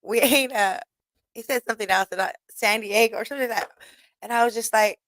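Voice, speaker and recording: A woman's voice: on the high side, fairly even intonation, fast talker, a bit bright, no echo. Blunt, laughing woman host. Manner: blunt, profane, laughing often. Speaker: radio show host. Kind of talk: casual monologue. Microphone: studio mic.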